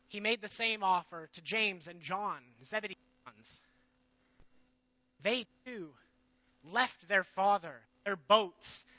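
A man playing the disciple Peter in a dramatic biblical monologue, earnest and shifting from loud to hushed. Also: high-pitched, no room sound, dull audio, exaggerated voice.

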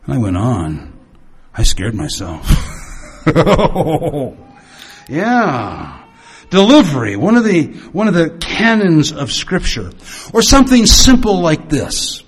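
A man preaching and teaching with storytelling. He swings his pitch and volume for dramatic effect. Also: huge pitch swings, unhurried, breathy edge. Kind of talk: sermon-style teaching.

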